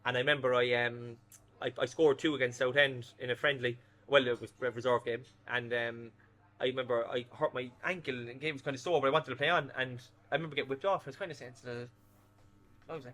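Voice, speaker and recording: Ex-footballer guy, quick talker, bright voice, swears a lot telling stories. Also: mid-range voice. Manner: animated anecdotes, swears freely. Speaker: former footballer guest. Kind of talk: casual storytelling interview.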